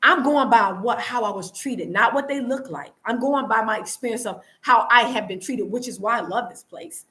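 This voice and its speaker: Streaming live from her home in Tanzania, a woman from the United States chats earnestly and responds to the live chat, often restarting and repeating herself. Her voice is a little high and fairly bright, moving at normal speed with few pauses, and the recording quality is low.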